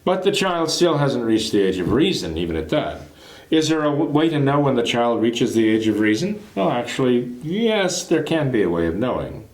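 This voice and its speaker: A man gives a catechism lesson, making his points through everyday family anecdotes. His voice sits in a middle register and has a relaxed, chatty manner. The recording has a noticeable roomy echo. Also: medium pitch, normal speed. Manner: conversational, explains with homely hypothetical examples. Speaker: catechism teacher.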